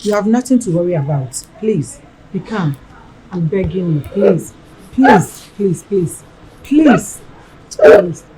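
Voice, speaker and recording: A woman's voice: medium pitch, expressive, takes it slowly, mellow, slight background noise, rough recording. An actress playing a woman who keeps soothing and begging a crying young man. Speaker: stepmother figure consoling a crying son.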